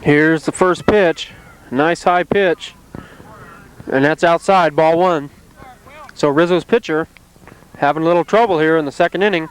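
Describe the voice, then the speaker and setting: A man calling play-by-play at an amateur softball game outdoors, in a calm, steady, plainly descriptive way. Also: a little high, a little slow, long pauses, clear, resonant tone, rough recording. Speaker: play-by-play announcer.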